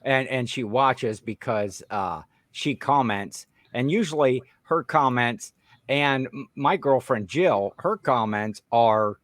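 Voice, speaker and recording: A man's voice: mid-range voice, lively intonation, takes it slowly, fairly bright tone, dry recording, studio quality. A man co-hosting a podcast, chatting in an easygoing way and explaining things plainly. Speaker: podcast co-host. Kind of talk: casual chat.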